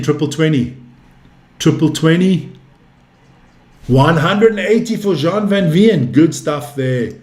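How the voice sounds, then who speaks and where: A man in his fifties hosts a live darts stream as commentator, calling scores and chatting casually with viewers about their messages. His voice is a little high and a little mellow, and the recording has a roomy echo.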